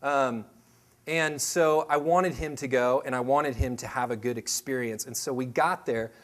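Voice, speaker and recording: A man in his thirties leading a staff meeting, telling a personal story in a loose, animated way and acting out other people's voices. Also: medium pitch, moderate pace. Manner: loose and rambling, many fillers and restarts. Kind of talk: storytelling talk to a team meeting.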